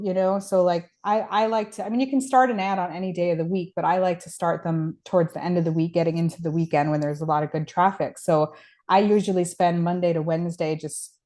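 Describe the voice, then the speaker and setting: A woman's voice: lowish voice, a little mellow. A woman being interviewed, talking in a casual, conversational way with many fillers. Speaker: guest.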